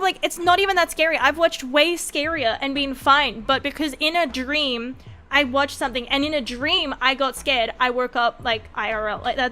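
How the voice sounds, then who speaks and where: A young woman with a high, sharp, bright voice hosts a late-night stream, tired but animated as she rambles through stories full of fillers. Soft music plays faintly behind her.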